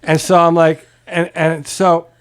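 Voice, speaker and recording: A man's voice: on the high side, a little slow, a crowd in the background. A man being interviewed at home, telling a long story casually, acting out the other people in it and swearing freely. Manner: animated, swears freely, acts out quoted voices. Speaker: guest musician. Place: private home.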